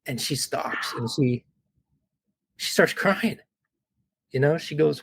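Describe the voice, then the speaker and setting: A man's voice: fairly high pitch, takes it slowly, creaky, fairly bright tone, husky, dry recording. A man talking as a podcast guest, telling stories in an earnest, heartfelt way and often checking in with "right?". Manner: heartfelt, repeats words and asks "right?". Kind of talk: earnest conversational storytelling.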